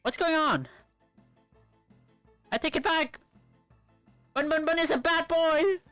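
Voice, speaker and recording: A streamer voicing a frantic, bubbly young woman in a visual novel, squeaky and excitable. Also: a little fast, smooth, dry recording, faint music behind. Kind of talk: visual novel read-aloud.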